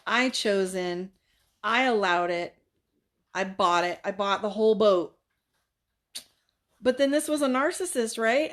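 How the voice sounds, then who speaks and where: A woman tells a story from her own life in a loose, candid way. She swears freely and talks it through out loud. She sounds like she is speaking from a couch at home. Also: medium pitch. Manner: blunt, profane, animated retelling. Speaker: life coach. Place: her living room, seated on a couch.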